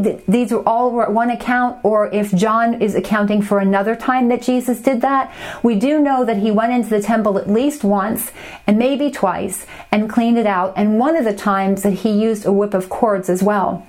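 A woman's voice: a little high, normal speed, a little mellow. A young adult woman teaching a Bible study, reading scripture passages aloud and then explaining them in a conversational way.

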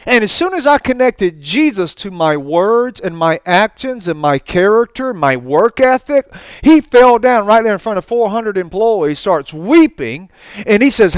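A man preaching in a folksy, storytelling way, with quick asides and chuckles. His voice sits high for a man and sounds smooth and clear. The sound is dry and close. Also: no room sound. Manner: folksy, animated testimony with asides and laughter. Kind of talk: storytelling sermon.

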